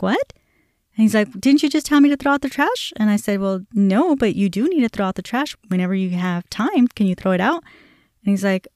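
A woman's voice: lowish voice, a little mellow, dry recording, studio quality. A middle-aged woman hosting a podcast, candidly telling a family story in a conversational way and acting out remembered exchanges. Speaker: podcast host.

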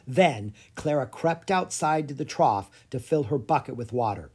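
A narrator reading a children's fantasy chapter book aloud with an expressive delivery. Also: mid-range voice, moderate pace, breathy edge. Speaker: audiobook narrator. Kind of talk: storybook narration.

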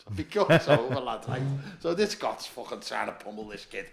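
Gravelly Liverpool man telling door stories. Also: mid-range voice, normal speed, reverberant. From Liverpool, England. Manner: swearing, animated, laughing while telling stories. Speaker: podcast guest, former doorman. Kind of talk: casual storytelling chat.

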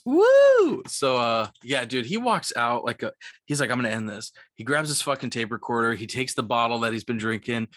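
A tipsy man on a podcast excitedly retelling a movie's plot, rambling with lots of "like" and swearing. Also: mid-range voice, brisk, dry recording, clean studio sound. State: tipsy from liquor. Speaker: podcast co-host. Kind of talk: casual movie-recap chat.

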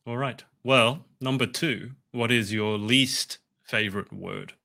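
Man, interviewer, brisk, friendly, bright sharp tone, mid pitch. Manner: brisk and friendly, reading questions off a list. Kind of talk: casual interview questions.

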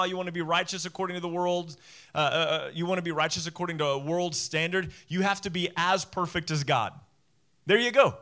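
High bright-voiced guy preaching, emphatic, repeats himself, does little voices for quotes. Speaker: pastor. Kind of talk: sermon.

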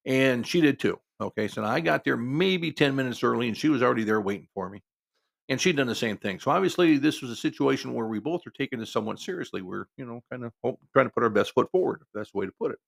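A man's voice: medium pitch, lively intonation, fast, gravelly. A man telling a story in a casual, rambling way, full of restarts and asides.

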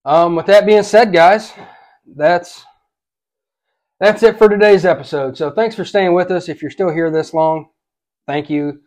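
A man's voice: high voice, unhurried, pauses often, darkish tone. Easygoing podcast host man. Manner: casual, easygoing, filler-heavy. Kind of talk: podcast sign-off and sponsor read.

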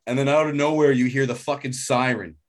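Mid-pitched man, sports podcast co-host, animated and profane, dry close mic. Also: fairly quick, no room sound. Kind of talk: casual sports chat.

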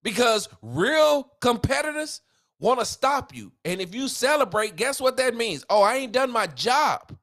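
A man's voice: extremely high pitch, fairly bright tone. Man ranting as sports podcast host. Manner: heated, emphatic ranting with slang. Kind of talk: solo sports opinion podcast.

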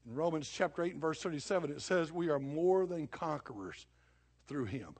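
A middle-aged man preaching a sermon, impassioned, swinging between loud declarations and low, hushed asides. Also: lively intonation, normal speed, creaky, slightly rough. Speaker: pastor.

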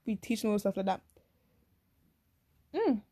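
A young woman talks animatedly in a casual comic monologue, full of slang and quick asides. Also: breathy edge. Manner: animated, slangy, quick asides, acts out others in shrill voices. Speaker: vlogger.

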